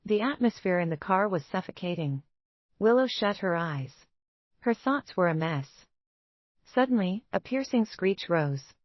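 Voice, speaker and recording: A woman giving scripted romance narration in an even, steady reading. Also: medium pitch, no room sound, highs cut off.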